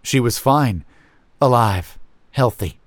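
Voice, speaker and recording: A man narrating a first-person horror story in a slow, measured, brooding manner on a close mic. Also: medium pitch, dry recording.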